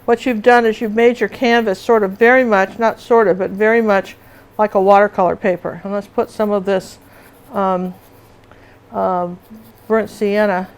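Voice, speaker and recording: A woman's voice: mid-range voice, steady tone, moderate pace, smooth, poor audio. A middle-aged woman teaching acrylic painting in a live demonstration, chatty and often asking viewers if they see it.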